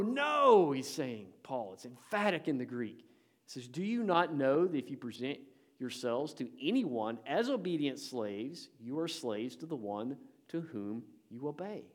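A man preaching a sermon as pastor, speaking conversationally and directly to the congregation, with emphatic swells and drops in volume. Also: medium pitch. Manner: emphatic, rising and falling in volume.

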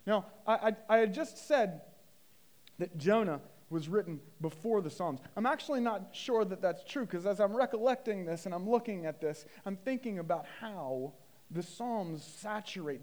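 Man preaching, high voice, impassioned swings from loud to hushed, rhetorical questions. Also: lively intonation, moderate pace. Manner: addresses listeners as guys, asks rhetorical questions. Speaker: pastor. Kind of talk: sermon.

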